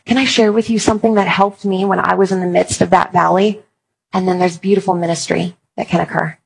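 A woman's voice: on the low side, a little fast, creaky, husky, low-quality recording. A woman giving a Christian talk to parents, telling stories with humor. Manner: lively storytelling with humor. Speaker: Christian speaker. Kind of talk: conference talk.

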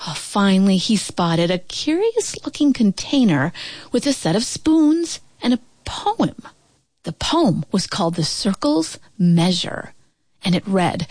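Slow, expressive woman reading a storybook. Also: mid-range voice, no room sound. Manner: slow, expressive, sing-song. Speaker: narrator. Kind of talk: children's storybook read-aloud.

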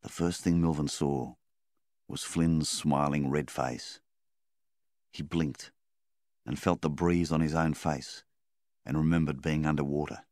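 A man with a very deep voice narrates a story at a calm, measured pace. The recording is close and dry, with no room sound. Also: dry recording. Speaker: story reader. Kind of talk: audiobook narration.

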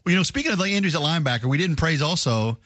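A man's voice: a little high, lively intonation, very fast, fairly bright tone, dry recording. A man cohosting a sports talk radio show, chiming in with short agreements between longer points.

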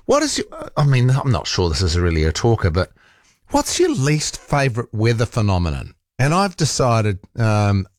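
A man's voice: fairly low pitch, wildly swooping pitch, normal speed, no echo. A man with a New Zealand accent hosting a talk radio show in a studio, chatting in a rambling way with many fillers and restarts. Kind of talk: casual talk radio monologue. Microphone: studio microphone.

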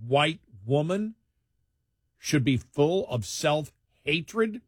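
An older man from New York co-hosts late-night talk radio, chatting in an animated, mocking way. His voice has a slightly husky edge, and the recording is close and dry. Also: on the high side, extremely slow, dry recording. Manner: animated, mocking, acts out quotes in exaggerated voices. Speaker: radio talk show host. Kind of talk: casual radio chat.

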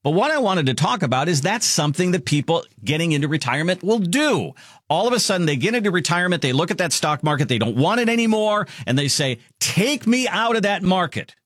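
A man's voice: on the high side, very animated, fast talker, a bit bright, no echo, studio quality. A man hosting a retirement finance radio show, upbeat and promotional as he repeats the website. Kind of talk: radio show talk with sponsor plugs.

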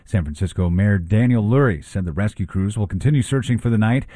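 A man reading a radio news bulletin in a measured, even delivery. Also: on the low side, dry recording, studio quality. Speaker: newscaster.

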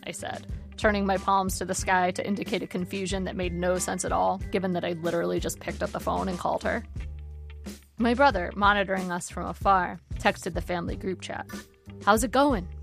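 A woman reading her own memoir aloud in a dry, measured storytelling manner. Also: lowish voice, flat delivery, gravelly, faint music behind. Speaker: narrator.

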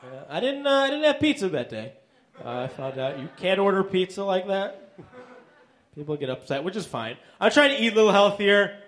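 A man with a fairly high, lively-pitched voice delivers stand-up one-liners on a club stage. His deadpan delivery stalls on hesitant fillers before each punchline. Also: brisk. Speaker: stand-up comedian. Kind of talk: stand-up set.

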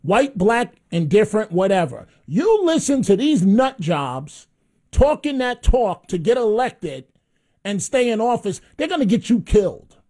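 A man's voice: sits high, big pitch swings, unhurried, mellow. A man hosting a talk radio show, blunt and mocking, often repeating himself as he takes calls.

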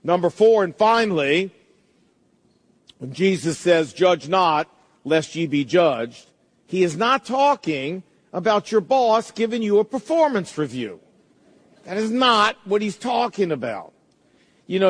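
A man with a notably high voice delivers an emphatic sermon, quoting scripture and speaking straight to his congregation. His words ring out with a long reverb, as in a large church sanctuary. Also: very animated, unhurried. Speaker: pastor.

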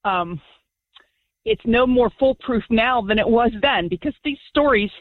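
A woman's voice: on the high side, animated, unhurried, no echo. A woman calling in to a radio talk show. She speaks with passion and conviction, sharing her own story. Her voice comes through a tinny phone line. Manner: impassioned, personal testimony. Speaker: caller.

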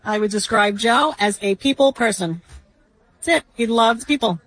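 A woman's voice: mid-range voice, normal speed, fairly bright tone, no room sound, low-quality recording. A middle-aged woman, a guest talking candidly and telling family anecdotes. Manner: chatty, candid, tells funny family anecdotes. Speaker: interview guest, widow. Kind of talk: conversational interview.

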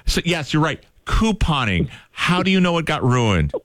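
A man hosting a radio call-in show, chatting and joking quickly with a caller. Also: a little high, sing-song, a bit bright, no echo. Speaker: radio host. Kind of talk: morning radio call-in chat.

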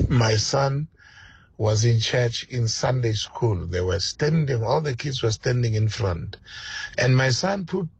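Very raspy slow man. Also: medium pitch, animated, dry recording. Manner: halting storyteller, chuckles. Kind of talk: casual radio call-in chat.

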